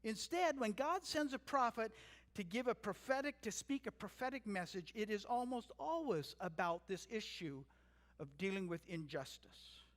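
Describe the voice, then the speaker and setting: Pastor, male, high voice, earnest emphatic sermon delivery, church sanctuary with long reverb. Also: expressive, moderate pace, a bit bright. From Canada. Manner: earnest, emphatic preaching with storytelling asides.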